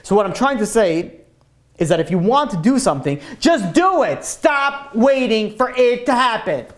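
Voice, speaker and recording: A man's voice: sits high, very animated, normal speed. A man giving an informal Torah class as a rabbi, talking emphatically and repeating his point, with a loose, casual way of speaking full of "like.". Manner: emphatic, repetitive, casual with many "like" fillers.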